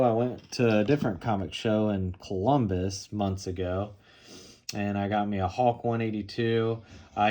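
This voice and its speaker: A man casually showing off and talking through comic books he bought, in a relaxed, rambling way with frequent fillers. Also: on the low side. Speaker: comic book collector showing his haul. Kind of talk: casual show-and-tell vlog.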